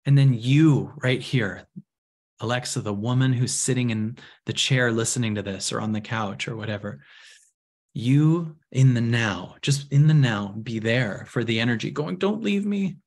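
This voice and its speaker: A middle-aged man giving a guided reflection talk, speaking softly and slowly, with long pauses. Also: mid-range voice. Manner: soft, slow and intimate, with long pauses. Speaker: spiritual teacher answering a viewer question.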